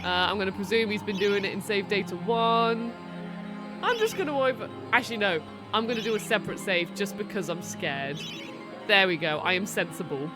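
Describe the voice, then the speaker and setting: A woman's voice: mid-range voice, expressive, normal speed. A woman casually chatting as a streamer, reading chat aloud and playfully talking to the game. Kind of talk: casual live game commentary. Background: game music.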